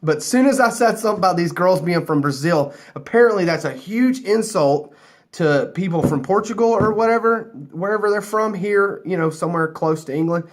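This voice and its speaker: Speaking fairly quickly in a voice that sits high, a man from the United States rambles through a story to camera. He's a vlogger who's had a few drinks, loose, chatty and laughing throughout.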